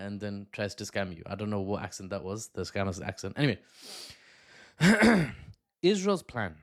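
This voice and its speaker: A young man giving casual political commentary, talking fast and wandering into joking asides. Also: lowish voice, expressive. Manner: quick, digressive, joking asides. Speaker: news commentator.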